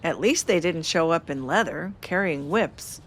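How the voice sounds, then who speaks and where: A woman's voice: deep voice, expressive, a little slow, heavy background noise. A woman, the podcast host, reading her memoir aloud in the first person, with wry self-mocking humor.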